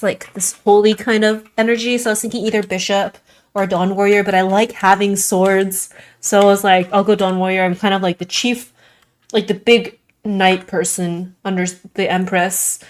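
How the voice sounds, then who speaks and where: A young adult woman streaming a game and chatting casually, rambling with lots of "like" in a Valley Girl-ish way. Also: medium pitch. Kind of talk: casual gaming stream chat.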